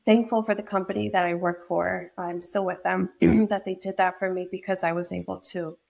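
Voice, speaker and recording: A woman's voice: fairly low pitch, flat delivery, normal speed, vocal fry, a little mellow. A young woman from New York state, a podcast guest telling a personal story in a reflective way, with many fillers and restarts. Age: young adult.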